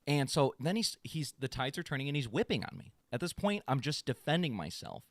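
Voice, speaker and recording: A man co-hosting a casual podcast, telling a long story in an animated way and acting out quotes in a raised voice. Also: medium pitch, a little fast, no echo, clean studio sound. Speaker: podcast co-host. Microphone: studio podcast mic.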